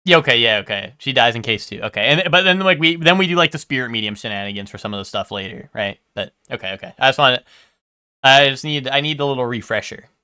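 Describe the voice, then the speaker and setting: A man's voice: medium pitch, animated, quick pace, bright, forceful tone, clear, resonant tone, dry recording, clean studio sound. Chatty man streaming a game. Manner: chatty, rambling, talks to chat. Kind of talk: casual live game stream commentary.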